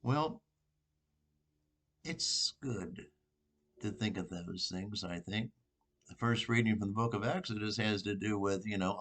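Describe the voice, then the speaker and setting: Slow, rambling older priest. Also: male voice, fairly low pitch, fairly bright tone. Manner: slow, rambling and conversational, with pauses and restarts. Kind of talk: informal sermon reflection.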